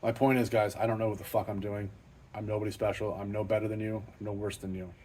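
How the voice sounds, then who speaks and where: This car channel host, a middle-aged man filming an off-the-cuff vlog in his home garage, swears openly and speaks in a blunt, matter-of-fact, self-mocking way. His voice is lowish, dark, and slightly rough, delivered at a quick pace with a level tone.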